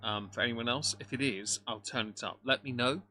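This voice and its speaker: Man, livestream commentator, dry mocking delivery, bright edgy timbre. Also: mid-range voice, brisk, slight background noise. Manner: dry, mocking remarks while greeting chat. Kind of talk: live reaction commentary.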